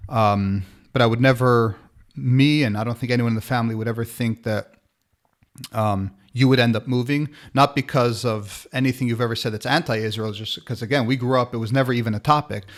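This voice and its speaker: A man's voice: mid-range voice, steady tone, a little fast. Podcast host man, casual and chatty. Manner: conversational, frequent restarts and fillers. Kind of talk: casual conversational interview.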